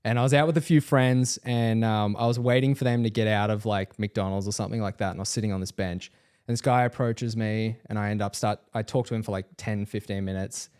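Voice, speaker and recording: A man's voice: on the low side, fast talker, clean tone. A young man with an Australian accent, telling stories in a casual podcast chat, swearing freely and peppering his speech with "like". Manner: animated, swears a lot, lots of "like". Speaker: podcast co-host.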